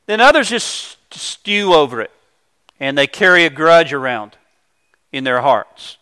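Guy preaching from the pulpit, high crisp voice, earnest, explains things with everyday examples. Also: sing-song, measured pace, sharp tone. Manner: earnest, explanatory, uses homely illustrations. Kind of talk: sermon. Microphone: microphone.

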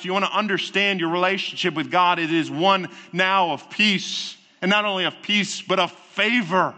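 A man preaching a sermon in earnest, emphatic short phrases, often dropping low and quiet to stress a point, recorded in a church. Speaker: pastor. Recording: long reverb of a large hall.

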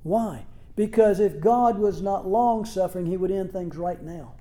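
A man's voice: high voice, a little slow, mellow. A male pastor preaching a sermon in an earnest, emphatic way, often restarting phrases, and closing in prayer.

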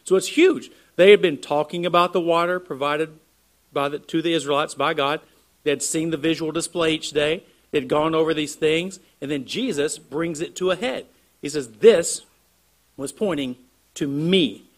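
A man's voice: a little high, normal speed. Earnest man preaching a sermon. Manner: earnest expository preaching with rhetorical questions. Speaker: pastor.

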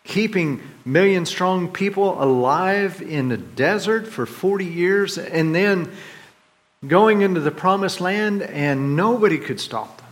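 A man preaching a sermon, swinging between loud, high complaints and quiet, low reflection as he voices the psalmist. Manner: dramatic swings in pitch and volume, voicing the psalmist's complaints. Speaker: pastor.

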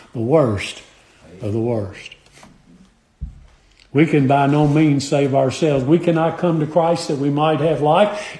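A man preaching a sermon, emphatic and measured, drawing out scripture lines in old wording. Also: a little high, a little mellow. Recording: echoey room.

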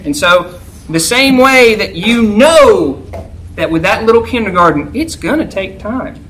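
Male preacher, high voice, chatty delivery, faint noise behind. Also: very animated, moderate pace, low-quality recording. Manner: conversational, keeps asking "right?"; acts out a yelling teacher in a loud, high voice. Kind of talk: sermon.

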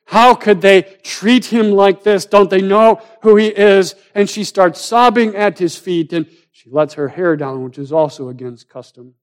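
A man preaching a sermon, swinging from loud, rising emphasis down to hushed, almost whispered lines. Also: high-pitched, a little slow, hardly any pauses, clean tone. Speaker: pastor.

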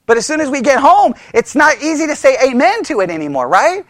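Guy teaching bible study at church, really high voice, swings all over the place, super animated. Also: brisk, no room sound, clean studio sound. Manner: animated, emphatic, acts out voices. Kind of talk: informal teaching sermon.

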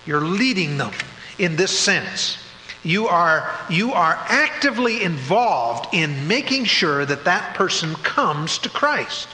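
A man's voice: high voice, sing-song, takes it slowly, pushed and bright. A man teaching a church Bible study, working through his points in order and sometimes restarting a phrase. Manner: methodical, lists points, occasional restarts. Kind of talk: sermon-style Bible teaching. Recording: echoey hall with faint hum.

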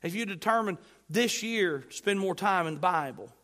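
In a high, expressive voice at normal speed, a man preaches as pastor, shifting between loud outbursts and hushed asides while questioning his congregation with emphasis.

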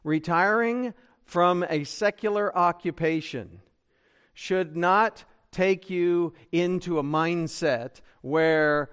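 A man's voice: fairly high pitch, fairly even intonation, unhurried, smooth. A man preaching a sermon as a pastor, emphatic, with rhetorical questions and frequent restarts.

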